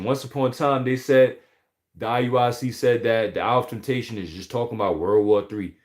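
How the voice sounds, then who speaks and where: A man giving an informal scripture teaching, emphatic and profane, often pausing to ask "all right?". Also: mid-range voice, steady tone, a little mellow. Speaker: religious teacher.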